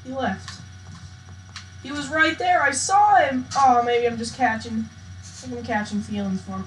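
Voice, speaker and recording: Excitable woman gamer, highish voice, echoey room, faint hiss behind. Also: unhurried, long pauses. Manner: excitable, bursts into loud shouts and cries, slangy. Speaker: gaming channel host. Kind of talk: live gameplay commentary.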